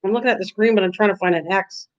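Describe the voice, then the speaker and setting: A woman's voice: mid-range voice, rapid-fire. An older woman hosting a casual live stream from her home kitchen, chatting with viewers by name and laughing often. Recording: lo-fi stream audio.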